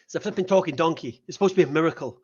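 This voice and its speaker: A man hosting a live call-in debate, retelling a story in an animated, mocking way. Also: on the high side, rapid-fire, slightly rough, highs cut off. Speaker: host.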